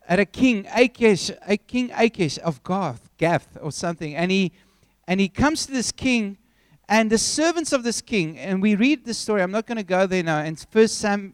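A man preaching a sermon, telling a story with animated, acted-out scenes. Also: high voice, moderate pace, clean tone, no echo.

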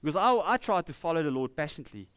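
A South African man preaching to a congregation in an earnest, conversational way. His voice sits a little high and is smooth and clear. He slows right down when he reads scripture aloud, and the recording is close and dry. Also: very animated, fairly bright tone, dry recording. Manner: earnest, with laughing asides and slow emphatic scripture reading. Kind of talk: sermon. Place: church.

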